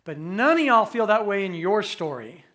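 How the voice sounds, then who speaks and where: A man preaching a conversational, animated sermon as pastor, acting out quick voices for humor. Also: high-pitched.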